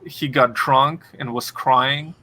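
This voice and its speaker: A man's voice: medium pitch, fairly even intonation, slow pace, pushed and bright. A man co-hosting a podcast, chatting casually with many fillers and restarts. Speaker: podcast co-host. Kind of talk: casual chat.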